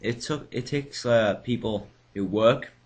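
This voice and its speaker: A young man chatting casually, halting often with uhs. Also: medium pitch. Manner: hesitant, halting, many uhs. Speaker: podcast co-host. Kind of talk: casual chat.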